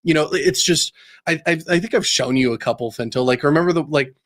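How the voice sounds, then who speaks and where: A man co-hosting a podcast in casual chat, excitable, swearing freely and acting out scenes from shows he loves. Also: on the high side, fairly quick. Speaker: podcast co-host.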